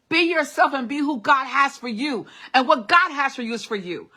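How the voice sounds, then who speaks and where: A middle-aged woman hosts a live motivational stream, casually reading viewer comments and urging people on with repeated short encouragements and frequent laughter. Her high voice, that of a classically trained singer, sounds pushed and bright, very animated, at a moderate pace.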